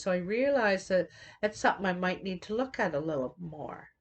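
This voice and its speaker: A woman's voice: fairly low pitch, lively intonation, a little fast. A middle-aged woman giving an unscripted tarot reading, meandering with many fillers and restarts. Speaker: tarot reader.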